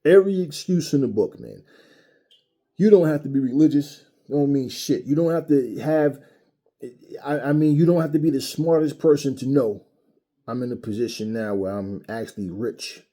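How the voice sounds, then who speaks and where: Angry, husky-voiced man ranting. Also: medium pitch, normal speed, dark tone. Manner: angry, profane, mocking. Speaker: boxing commentary channel host. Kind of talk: heated opinion rant.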